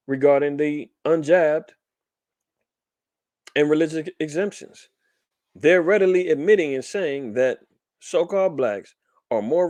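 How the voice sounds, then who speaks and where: On a dry recording, a man with a fairly high-pitched voice hosts a news commentary podcast. He reads pieces aloud, then launches into animated riffs peppered with rhetorical questions.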